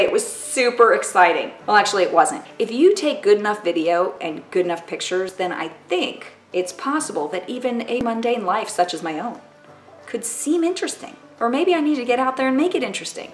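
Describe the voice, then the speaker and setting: A woman's voice: medium pitch, reverberant. A woman vlogging at home in casual chat to camera, chatty and self-mocking, full of "like" and "totally".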